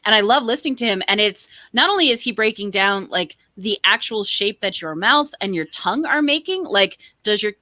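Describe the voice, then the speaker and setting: A woman with a bright, forceful tone chats casually on a podcast, her thoughts tumbling out with fillers and eager asides. The sound is close and dry. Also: medium pitch, animated, brisk, hardly any pauses, no echo. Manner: enthusiastic, rambling with fillers. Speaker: podcast co-host. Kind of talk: casual chat.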